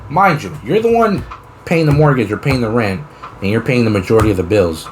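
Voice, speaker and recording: A man's voice: mid-range voice, lively intonation, a little fast, slight background noise. Rambling, profane young man podcast host. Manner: rambling, profane, spins long hypothetical scenarios. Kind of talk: casual chat.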